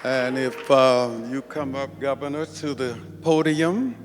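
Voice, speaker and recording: A man's voice: mid-range voice, fairly even intonation, a little slow, crowd noise. An older man, a pastor, introducing the guest speaker to his congregation with a call-and-response preaching cadence. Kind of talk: church introduction. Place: large church sanctuary. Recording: long hall reverb, faint noise.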